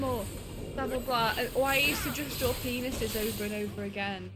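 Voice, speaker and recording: A woman chatting casually on a live stream, giggly and animated, swearing freely as she tells stories. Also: a little high, moderate pace, background noise. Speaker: streamer's wife, co-host.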